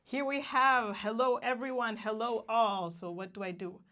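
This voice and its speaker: A woman's voice: a little high, fairly even intonation, moderate pace, bright, forceful tone. A woman from Guatemala co-hosting a casual livestream, cheerful and laughing often as she greets viewers by name. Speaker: livestream co-host.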